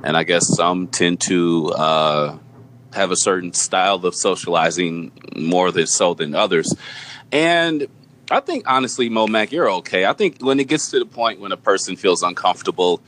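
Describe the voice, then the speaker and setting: Deep-voiced man in hesitant podcast chat. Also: expressive, moderate pace, a bit bright, slight background noise. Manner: hesitant, many restarts and fillers. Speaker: podcast co-host. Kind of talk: casual chat.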